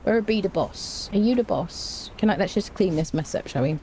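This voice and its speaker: A woman's voice: medium pitch, animated, fairly quick, dark tone, slight background noise. A woman streaming a game, chatting casually, humming little tunes to herself, joking and talking to enemies and her chat as she plays. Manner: chatty, hums and mutters to herself while playing. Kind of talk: casual gameplay commentary.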